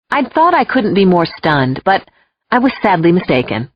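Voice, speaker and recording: A woman narrating an audiobook in an expressive, emotional first-person storytelling voice. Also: on the low side, normal speed, a little hiss or hum. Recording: dull lo-fi dry recording.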